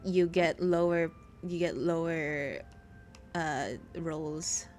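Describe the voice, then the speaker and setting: A woman's voice: low-pitched, steady tone, slow, a little mellow, faint music behind. A woman player chatting and eagerly explaining game terms. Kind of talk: casual chat among tabletop players.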